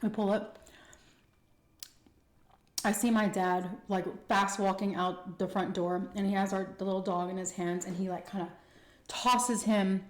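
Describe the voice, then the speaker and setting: A young woman chats through a personal story between bites, animated, slipping into little acted-out quotes. Her voice sits at an ordinary middle pitch. The sound carries a noticeable echo from the room around her. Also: unhurried, long pauses. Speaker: mukbang storyteller. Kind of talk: casual storytime while eating. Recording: echoey room.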